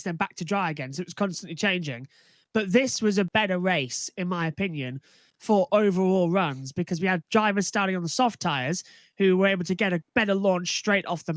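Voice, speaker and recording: An excitable man commentates a sim race and calls the action quickly and loudly. In analysis he settles into an easier tone. His voice sounds close and dry. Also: high voice, no echo. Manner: excitable, fast and loud at the action, calmer in analysis. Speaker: lead commentator.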